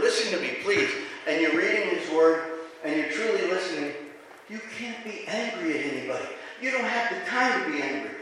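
A man preaching a sermon to his congregation, animated and asking for amens. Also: high voice, normal speed, a little hiss or hum. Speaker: pastor. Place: church. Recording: echoey hall, mic from far off.

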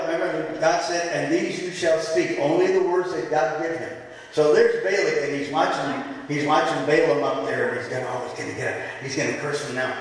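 A man preaching a sermon in a church, telling the story animatedly and acting out the quotes. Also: fairly high pitch. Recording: echoey hall from far off.

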